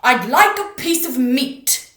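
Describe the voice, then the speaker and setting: A woman voicing a loud, booming male villager in a children's storybook reading, roaring his lines slowly. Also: big pitch swings, full character voice. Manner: roaring, slow and shouted, then hushed. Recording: roomy echo.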